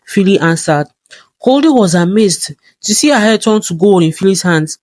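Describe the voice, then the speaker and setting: A synthetic-sounding narrator reading a folktale in an even, steady storybook manner. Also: medium pitch, moderate pace, no echo.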